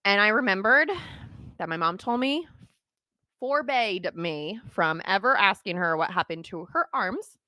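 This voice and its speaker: A woman's voice: medium pitch, expressive, measured pace, sharp tone, no room sound. A woman hosting a podcast, telling a story in casual chat, laughing often and acting out the voices she quotes. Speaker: podcast host.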